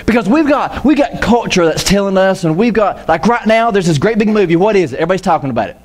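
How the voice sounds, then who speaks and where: Male pastor, casual church sermon, animated and joking, voice a touch high. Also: fast, soft background music. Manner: lively, jokey, acts out quoted voices. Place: church auditorium.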